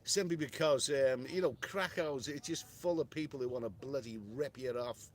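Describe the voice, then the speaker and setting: A man's voice: medium pitch, moderate pace. A middle-aged man hosting a casual live stream, reading viewer comments aloud and answering in a rambling way, with many repeated words and restarts. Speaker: travel livestream host reading viewer chat. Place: hotel room.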